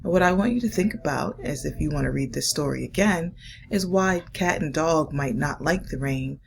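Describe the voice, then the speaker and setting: Woman, first grade teacher, low gravelly voice, encouraging, phonics lesson. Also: slight background noise. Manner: slow, patient, encouraging teacher talk to young children. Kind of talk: remote phonics lesson and read-aloud.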